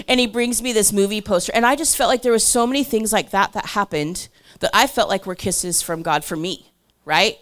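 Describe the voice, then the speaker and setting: Brief: woman speaker, church testimony, chatty and animated, jumps from loud to whispered, mid-range voice. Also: mid-range voice, fairly quick. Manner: chatty, lots of "like" and asides. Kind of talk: storytelling testimony to a crowd.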